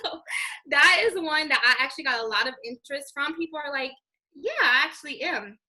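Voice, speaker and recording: A young woman giving a casual, high-energy training talk to her sales team, chatty and upbeat. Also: fast talker, sharp tone. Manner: high-energy, chatty, says "girl" and "you guys" a lot. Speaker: network marketing team trainer.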